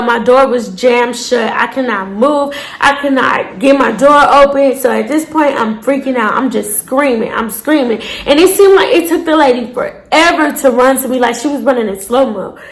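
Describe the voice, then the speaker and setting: A young woman, telling a dramatic storytime to her viewers with shouted bursts and cursing. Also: high-pitched. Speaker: storytime vlogger. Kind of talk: casual storytelling to camera.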